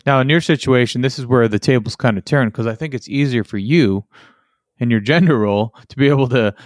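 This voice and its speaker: A man's voice: mid-range voice, fairly quick, no echo. Man hosting a podcast chat, dry sound. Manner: animated, acts out customers and technicians. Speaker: podcast host. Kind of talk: casual interview chat.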